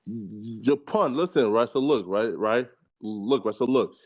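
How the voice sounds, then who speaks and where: A man in casual podcast chat, talking at a middling pitch. He rambles, circling back on himself with filler words and plenty of slang and profanity. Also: unhurried, muffled recording. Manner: rambling, full of fillers like "right" and "you feel me". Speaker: guest on a podcast panel.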